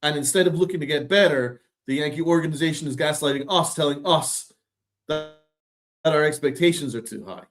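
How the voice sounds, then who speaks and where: A man's voice: fairly high pitch, a little fast, a bit bright. A man hosting a sports podcast, ranting with sarcastic, exasperated, profane commentary. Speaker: podcast host.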